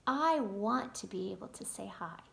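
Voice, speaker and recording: Woman playing a gentle, friendly male singer, gravelly tone. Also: medium pitch, lively intonation, moderate pace. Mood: kind. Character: kind adult male touring singer, warm-hearted.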